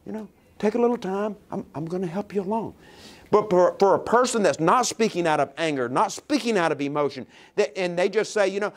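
A man preaching a sermon as pastor, reading scripture aloud and acting out quoted voices, with big swings between loud and soft. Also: sits high, normal speed. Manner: animated preaching with sharp swings in loudness.

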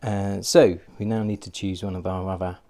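A man's voice: low voice, flat delivery, normal speed, dark tone. A man narrating a solo board game playthrough, thinking aloud and hesitating with fillers as he works out each move.

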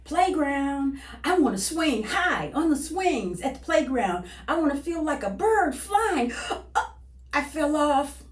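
Lively woman reading a storybook. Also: sits high, a little slow, few pauses. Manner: expressive, sing-song storybook reading. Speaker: children's story reader. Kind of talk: reading a picture book aloud to children. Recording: echoey room.

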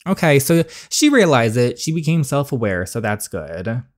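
A man streaming and reading a choose-your-story game, reacting to its plot in a chatty, casual way. His pitch moves in a lively way as he comments. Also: moderate pace.

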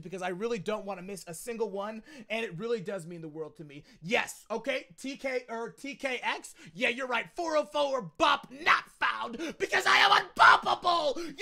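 High, bright-voiced excitable young man. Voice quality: excitable, loud, repeats phrases. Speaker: gaming streamer. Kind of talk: energetic livestream chat.

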